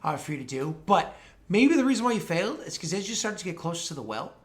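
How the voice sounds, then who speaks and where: Man from New England in his thirties, game master, slightly high voice, rambling narration. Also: sing-song, fast talker. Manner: loose, rambling storyteller full of "like" and "uh".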